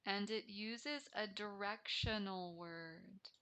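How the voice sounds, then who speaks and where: A woman English teacher explaining a grammar lesson deliberately, repeating each key term. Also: medium pitch, fairly bright tone.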